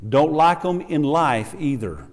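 A middle-aged man preaching a sermon in a church, lively and acting out the voices of the people he quotes. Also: a little high, a little slow. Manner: animated, acts out quoted voices. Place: church sanctuary. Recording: reverberant church hall.

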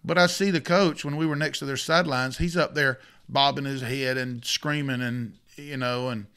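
A middle-aged man, a youth football coach, telling a story in casual chat, with lots of repeated starts. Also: medium pitch. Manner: animated, self-interrupting with repeats.

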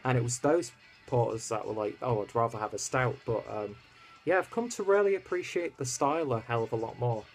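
A man's voice: mid-range voice, brisk, soft background music. A man from the UK, casually reviewing a beer in a rambling, easygoing way full of fillers. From United Kingdom. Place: at home in Germany.

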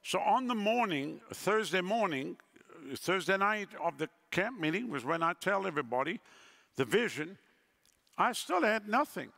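A high, bright male voice with a gravelly edge, belonging to a middle-aged evangelist preaching. He tells his story like a performer, jumping up in pitch whenever he acts out a line of dialogue. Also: animated, moderate pace. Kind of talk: sermon storytelling.

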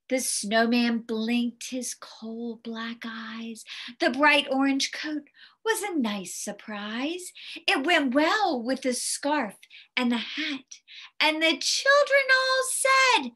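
A woman reading a picture book aloud to children, very expressive, with gasps and hushed whispery asides. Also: sits high, slow. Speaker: storyteller.

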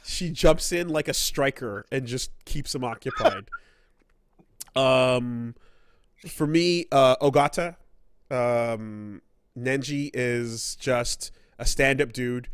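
A man's voice: mid-range voice, slow pace, smooth, dry recording, studio quality. A man co-hosting a casual gaming podcast, rambling and swearing as he acts out quoted characters. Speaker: podcast co-host.

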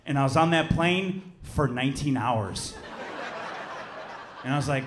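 A man in his thirties from Chicago doing a stand-up comedy set, telling a story with lively acted-out voices and shouted punchlines. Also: medium pitch, measured pace, echoey room, noisy background. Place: theater stage before a live audience.

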